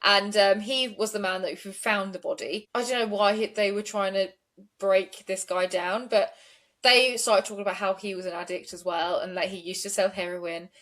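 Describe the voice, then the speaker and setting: A woman's voice: mid-range voice, steady tone, normal speed, fairly bright tone. A woman, co-hosting a true-crime podcast and retelling court events in a chatty way full of "like". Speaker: podcast co-host.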